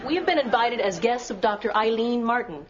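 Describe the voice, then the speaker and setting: An actress playing a witty, determined writer and Marine wife who talks in a brisk, wry, persuasive way in an old TV sitcom. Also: female voice, on the high side, lively intonation, over a noisy crowd, close to an everyday voice. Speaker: wife, journalist. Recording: dull hissy TV sitcom audio with studio audience.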